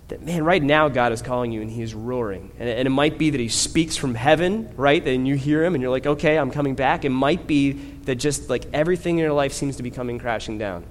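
A male preacher delivers a sermon in a conversational way, often tagging his points with "right?". He grows louder and slower when he drives a point home, and his voice carries a long hall echo. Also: mid-range voice.

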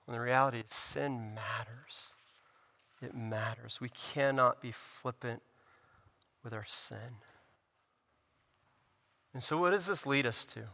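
A man, a pastor, preaching a sermon with earnest emphasis, rising to loud lines and dropping to hushed ones. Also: mid-range voice, measured pace, vocal fry, long pauses. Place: church sanctuary. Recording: long reverb of a church hall.

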